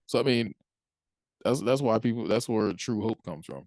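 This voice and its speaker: A man's voice: lowish voice, expressive, a little slow, pauses often, a little mellow, no echo. A man giving a casual, conversational talk on Christian faith, acting out people's reactions and chuckling between points. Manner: conversational, acts out quoted reactions, chuckles often. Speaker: Christian speaker.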